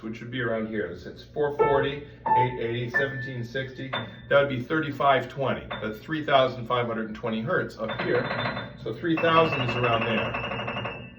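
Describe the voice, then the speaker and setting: A man's voice: medium pitch, fairly bright tone, echoey room, far from the mic, muffled recording. A man giving a casual voice lesson, explaining breath and throat with sung vowel demonstrations. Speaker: voice teacher. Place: room with music stands and metal ductwork.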